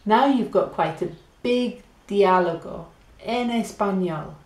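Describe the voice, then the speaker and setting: A woman teaching a Spanish lesson for beginners, repeating words slowly for learners. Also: medium pitch, darkish tone, roomy sound. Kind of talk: language lesson.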